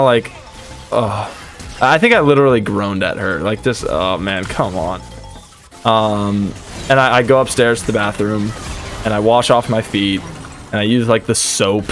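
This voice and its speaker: A male streamer casually telling a story in an animated, rambling way, full of fillers. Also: mid-range voice.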